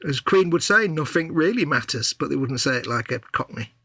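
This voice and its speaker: A man with a medium-pitched, gravelly voice talks a bit fast, sounding pushed and bright with a breathy edge and no room sound. He's co-hosting a live model-building stream, bantering casually, playful and silly, punning and laughing at himself.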